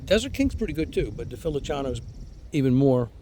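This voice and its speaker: A man with a mellow, relaxed tone walks through a garden, chatting in a casual vlog style. He is enthusiastic and rambling, repeating words as he moves from one plant to the next. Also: medium pitch, brisk, a little hiss or hum. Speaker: fig grower and channel host. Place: outdoors in a garden.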